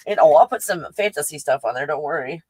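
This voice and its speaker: A woman's voice: low voice, lively intonation, fast talker, a little mellow, husky, poor audio. A woman hosting a live stream, chatting casually and effusively with her viewers and often restarting her sentences. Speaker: livestream host.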